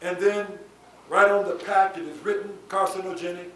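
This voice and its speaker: A high-pitched man preaches to a hall audience, asking rhetorical questions and swelling into shouts. He sounds far from the mic, with heavy room echo and a faint hiss behind him. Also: steady tone, moderate pace. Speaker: spiritual leader giving a lecture. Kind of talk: preaching lecture. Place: lecture hall before an audience.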